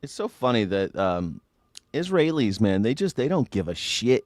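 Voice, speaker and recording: A man's voice: on the low side, big pitch swings, moderate pace, darkish tone, dry recording, studio quality. Sarcastic man hosting a news reaction show. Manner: irreverent, mocking, sarcastic ranting. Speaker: host. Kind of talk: live news reaction commentary.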